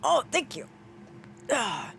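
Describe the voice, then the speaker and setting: A woman streaming a game, chatting playfully with her viewers and reading in-game journals aloud in a soft storytelling voice. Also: sits high, sing-song, slow pace, vocal fry, a little hiss or hum. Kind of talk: gameplay commentary with a read-aloud journal.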